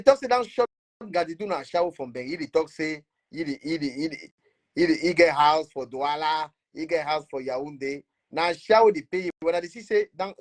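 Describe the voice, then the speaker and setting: A Cameroonian man, a blogger, scolding in animated Pidgin English and switching into French. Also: a little high. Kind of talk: ranting commentary.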